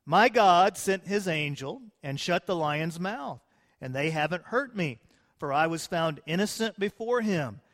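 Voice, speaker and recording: A man preaching who reads a faithful prophet's reply in a polite, steady voice. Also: on the high side, a little slow. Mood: calm. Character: calm faithful male prophet, respectful. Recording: long hall reverb.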